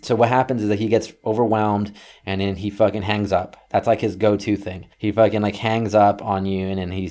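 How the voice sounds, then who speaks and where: A young man telling a story casually, swearing a lot and acting out shouted quotes. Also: lowish voice. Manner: profane, animated, acts out yelling quotes.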